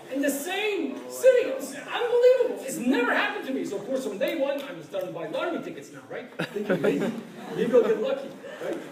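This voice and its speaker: A middle-aged man from Ottawa, a professor, telling a lively anecdote with frequent laughs and asides of "right?". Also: high voice. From Ottawa, Canada. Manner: animated, laughs often, keeps asking "right?". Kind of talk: storytelling anecdote. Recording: echoey room, distant mic, crowd chatter.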